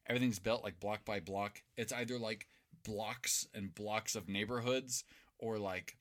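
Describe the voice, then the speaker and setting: A young man from Boise, Idaho, co-hosts a podcast, telling rambling stories in a laid-back chat full of swearing and laughs. His voice is lowish, steady, and a bit bright, and he's unhurried.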